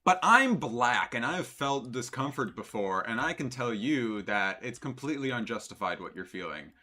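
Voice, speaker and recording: Guy streamer ranting over a clip, bright voice, mocking and sarcastic, lots of uh and um. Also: medium pitch, expressive, normal speed. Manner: sarcastic, mocking, rambling with many fillers. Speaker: streamer reacting to a video. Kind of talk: sarcastic live-stream commentary.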